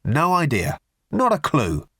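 A man's voice: fairly high pitch, wildly swooping pitch, measured pace, sharp tone, breathy edge, no echo, clean studio sound, pitched above the performer's own voice, heavily acted. A man voicing an eager young man who coaxes and urges someone along. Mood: coaxing. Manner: eager, coaxing.

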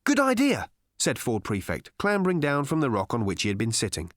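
A man narrating an audiobook in a dry, measured, wry storytelling manner. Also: medium pitch, very animated, no echo.

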